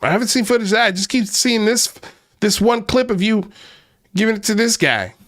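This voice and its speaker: A man's voice: high-pitched, lively intonation, a little fast, fairly bright tone. A man hosting a reaction video, commenting casually on a clip with a lot of profanity and mockery. He laughs often.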